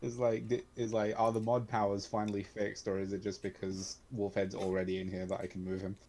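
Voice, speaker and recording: Low-voiced man, dry and pedantic. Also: completely flat delivery, fairly quick, darkish tone, a little hiss or hum. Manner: dry, pedantic, corrects others. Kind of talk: casual chat on a voice call.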